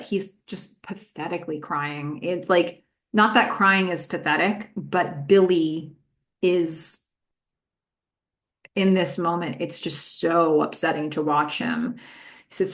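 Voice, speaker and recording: A woman's voice: fairly low pitch, measured pace. A woman hosting a rewatch podcast, recounting scenes in a conversational way with frequent filler words. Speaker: podcast host. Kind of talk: recap podcast commentary.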